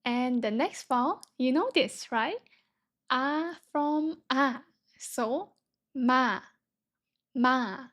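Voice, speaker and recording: A woman's voice: high voice, lively intonation, slow pace. A young woman teaching a beginner Korean reading lesson, patiently sounding words out syllable by syllable.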